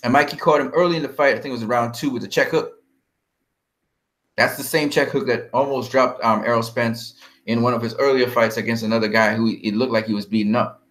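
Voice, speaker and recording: A man's voice: medium pitch, fairly even intonation, a little fast, fairly bright tone. A man vlogging about boxing in a heated, profane, confrontational rant. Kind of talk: ranting fight commentary.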